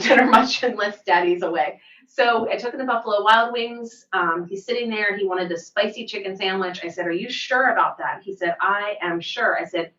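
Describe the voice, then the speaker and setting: A middle-aged woman co-hosts a podcast in easy, animated chat, spinning family stories. She sounds set back from the mic in a roomy space. The sound is a little dull. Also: medium pitch, far from the mic. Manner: animated storyteller, laughs easily. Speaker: podcast co-host, massage therapist and physical therapy assistant.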